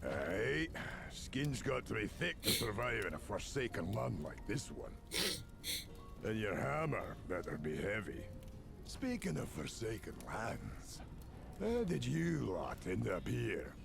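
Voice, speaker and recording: A gravelly Welsh dwarf blacksmith speaks gruffly in a video game, blunt with strangers and dryly funny. His voice swings up and down in pitch as he talks. Game music plays under him. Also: very animated, slow pace, full character voice. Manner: gruff, dry humor. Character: gruff male dwarf smith, blunt and wry.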